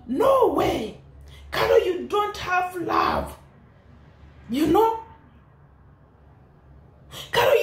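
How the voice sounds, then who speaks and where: A woman's voice: very high voice, reverberant. A young woman with an East African accent, laughing often as she delivers an impassioned, preachy commentary. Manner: scolding, preachy, laughs often between lines. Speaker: vlogger commenting on a public dispute.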